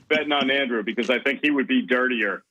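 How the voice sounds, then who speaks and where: A man's voice: mid-range voice, a little fast, sharp tone, rough recording. A man calling in to a radio show, joking sarcastically and crudely. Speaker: caller. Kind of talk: call-in radio comment. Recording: caller audio through radio broadcast.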